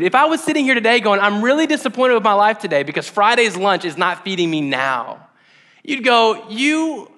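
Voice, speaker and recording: A man preaching a sermon as pastor, conversational and animated, building to emphatic exhortations. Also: very high voice, in a large hall.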